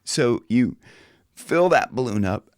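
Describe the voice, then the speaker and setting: A man teaching singing in a loose, chatty way, slipping into high demonstration voices. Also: expressive, slow, a little mellow, no room sound, studio quality. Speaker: vocal coach. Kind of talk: casual singing lesson.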